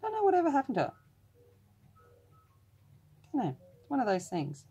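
A woman's voice: high-pitched, wildly swooping pitch, a little fast, warm tone. An Australian woman hosting her own colouring channel, chatting casually as she works, wandering into rambling, self-deprecating asides, from a room at home. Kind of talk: casual tutorial chat while colouring. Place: room at home with the door closed.

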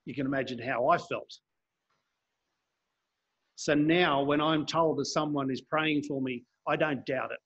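Male preacher, slightly high and husky, earnest sermon reading scripture. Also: fairly even intonation, unhurried, pauses often, a bit bright, highs cut off. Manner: earnest, reads scripture aloud and explains it. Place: church.

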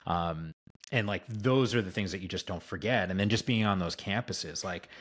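Low-voiced male sportscaster guest, eager and rambling, keeps asking "right?". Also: moderate pace, husky. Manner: enthusiastic, rambling, heavy use of "like" and "right?". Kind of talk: casual podcast storytelling.

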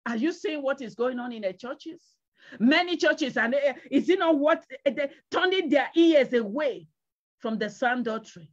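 High-voiced woman preaching emphatically. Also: expressive, normal speed. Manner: emphatic, repetitive preaching with pleading exhortations. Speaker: evangelist. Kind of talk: sermon. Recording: dull lo-fi recording.

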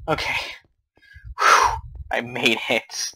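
Slow-talking jumpy young gamer guy. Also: mid-range voice, gravelly, husky, rough recording. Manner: jumpy, swings from hushed muttering to panicked yelling, swears a lot. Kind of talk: casual game commentary.

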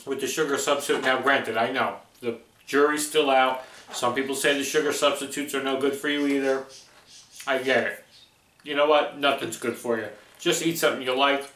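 A man's voice: medium pitch, fairly even intonation, moderate pace, long pauses, a bit bright, roomy sound. A man hosting a casual home cooking vlog, chatty and easygoing, talking viewers through baking cookies. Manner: chatty, easygoing, laughs often. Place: home kitchen.

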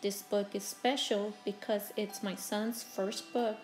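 A woman teacher reading a children's picture book aloud to her pupils, slow and expressive. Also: mid-range voice, over music, poor audio. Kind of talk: children's storybook read-aloud.

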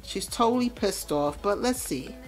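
A woman's voice: medium pitch, moderate pace. A woman hosting a let's play, chatting casually and animatedly as she comments on her game. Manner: chatty, animated, laughs often. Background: faint music.

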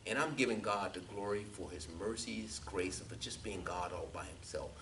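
A man's voice: lowish voice, normal speed. Man, pastor, Bible study sermon, emphatic preaching, frequent amens, distant mic, faint room noise. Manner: builds from quiet reflection to loud, emphatic preaching with frequent "amen".

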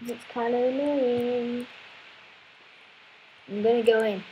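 A woman's voice: a little high, fairly even intonation, takes it slowly, warm tone, a little hiss or hum, rough recording. A woman playing a video game, commenting casually and exclaiming in frustration with repeated words. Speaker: let's play gamer.

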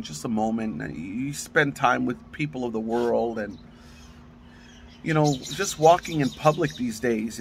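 A man's voice: medium pitch, gravelly, slight background noise. A man teaching a casual Bible study, talking in a loose, conversational way with frequent restarts.

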